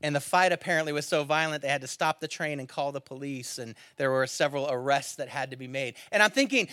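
Bright-voiced man preaching a sermon. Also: mid-range voice, fast, few pauses, dry recording, clean studio sound. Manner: storytelling, swings from loud exclamations to hushed near-whispers. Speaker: pastor. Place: church service.

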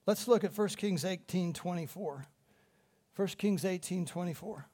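High-voiced man preaching animatedly. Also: unhurried. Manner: animated storytelling, swings between loud emphasis and hushed tones. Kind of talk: sermon.

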